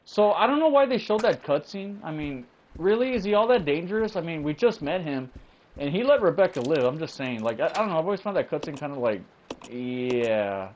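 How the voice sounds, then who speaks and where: A young man commentating a video game playthrough in casual, excitable chatter, swearing and rambling as he goes. His voice sits a bit high and swings widely. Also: fast, poor audio. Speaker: let's play gamer.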